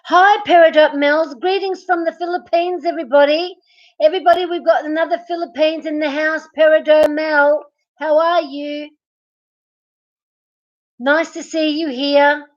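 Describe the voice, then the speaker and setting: Woman streamer chatting from bed; high-pitched, slow delivery, hoarse, muffled lo-fi audio. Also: fairly even intonation. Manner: chatty, greets viewers by name, laughs a lot. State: losing her voice. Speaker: livestream host. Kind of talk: casual live chat reading comments. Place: at home, in bed.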